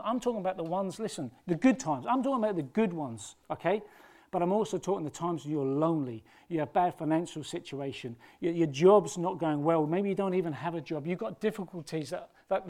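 A man preaching a sermon with passion, moving between hushed, emotional storytelling and loud, rising appeals. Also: high-pitched. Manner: impassioned, swinging from hushed to loud.

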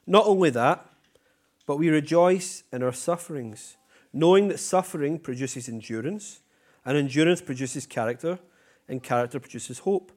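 Earnest male preacher, fairly high voice. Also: normal speed. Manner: earnest, repetitive emphasis, dropping softly at phrase ends. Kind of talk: sermon.

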